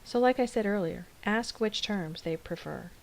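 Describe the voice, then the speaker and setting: A woman special education teacher explaining things in a calm, measured, scripted dialogue. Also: medium pitch, creaky, rough recording.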